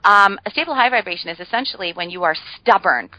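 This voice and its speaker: A woman's voice: mid-range voice, animated, fast, bright, forceful tone, dry recording, low-quality recording. A woman guest on a podcast, explaining ideas in a chatty way with frequent fillers and playful humor. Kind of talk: casual podcast conversation.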